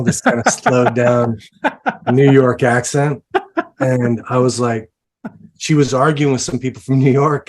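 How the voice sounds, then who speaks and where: A man's voice: medium pitch, darkish tone. A man, a film director, talking about his film in an interview, with many fillers and restarts. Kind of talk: interview conversation. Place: lives in New Orleans.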